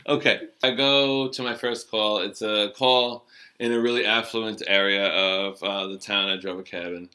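Middle-aged guy, low-ish voice, really bright and punchy, rambling profane cab stories. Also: moderate pace. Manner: loose, profane, animated storytelling. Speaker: storyteller, former cab driver. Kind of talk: casual storytelling chat.

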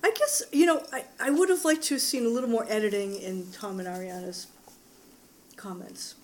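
Higher-voiced woman co-host, giggly, easygoing, slightly buzzed. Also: fast. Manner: giggly, reading out recipes. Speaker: podcast co-host. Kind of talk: casual chat, book review.

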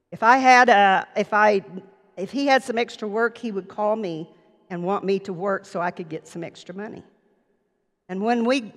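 A woman preacher telling a personal story in an earnest sermon, recorded in a church sanctuary. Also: mid-range voice. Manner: personal anecdote, earnest, slow. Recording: long reverb of a church hall.

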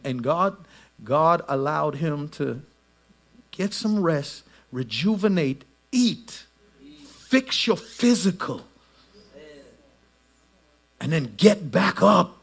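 A middle-aged man preaching a sermon, swinging between shouted lines and soft asides. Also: high voice, creaky. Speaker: pastor.

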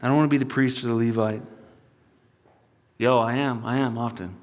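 A male pastor preaching a sermon, telling a personal story and swinging from loud appeals to hushed asides. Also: medium pitch, steady tone, fairly quick. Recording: long hall reverb.

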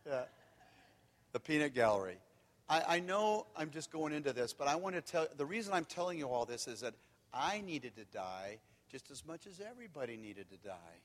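A man preaching, telling candid stories that swing from loud and animated to quiet and hushed. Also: a little high, normal speed. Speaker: pastor. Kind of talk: sermon. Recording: long hall reverb.

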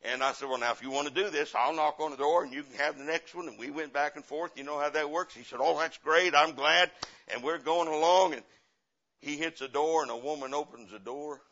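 Impassioned preacher man, bright, lo-fi. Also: on the high side, a little fast. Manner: impassioned, swings from loud to quiet, repeats phrases. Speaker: guest preacher, missionary. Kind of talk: sermon with personal stories. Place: church. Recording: dull lo-fi sermon recording.

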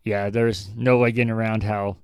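A young man with a low, smooth voice hosting a relaxed gaming podcast. He thinks out loud and rambles through his points, poking fun at himself. The sound is dry and close. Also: moderate pace, no room sound. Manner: rambling, self-deprecating, thinks aloud. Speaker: podcast host. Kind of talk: casual chat.

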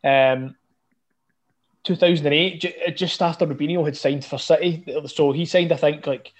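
Scottish man, podcast co-host, lively storyteller. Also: on the high side, normal speed. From Scotland. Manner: animated storytelling, swearing. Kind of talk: casual podcast chat.

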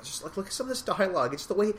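A man's voice: sits high, very animated, racing, a bit bright, slight background noise. A man in a casual chat, enthusiastically talking about comics and reading bits of dialogue aloud.

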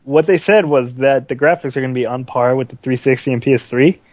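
A man's voice: mid-range voice, quick pace, darkish tone. A young man in casual gaming chat, speaking in a matter-of-fact way.

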